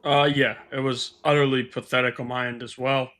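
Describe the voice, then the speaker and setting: A man's voice: medium pitch, level tone, fairly quick, fairly bright tone. A man co-hosting a betting talk show in plain, matter-of-fact casual chat. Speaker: co-host.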